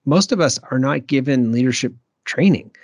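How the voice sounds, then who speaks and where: A man's voice: medium pitch, expressive, normal speed, a little mellow, no room sound, clean studio sound. A man from Maine, guest on a podcast, talking reflectively with frequent restarts and small laughs. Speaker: author and guest. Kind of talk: podcast interview.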